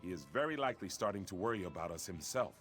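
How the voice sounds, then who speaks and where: A man's voice: low-pitched, lively intonation, fast talker. An actor playing an earnest young warrior prince who speaks formally and urgently to his brother in a video game. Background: game music.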